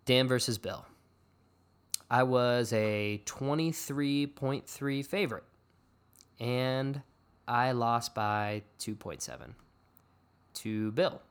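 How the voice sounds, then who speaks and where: The host of a fantasy sports podcast speaks slowly in a clean, mid-range voice, leaving long pauses. His talk drifts loosely between topics, full of self-deprecating jokes and a casual, offhand tone.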